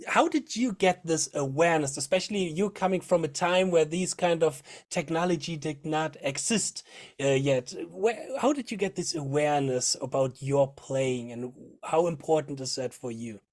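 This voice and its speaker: A man with a fairly high voice asks interview questions. His phrasing is earnest and a little halting. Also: darkish tone. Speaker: interviewer, guitar teacher.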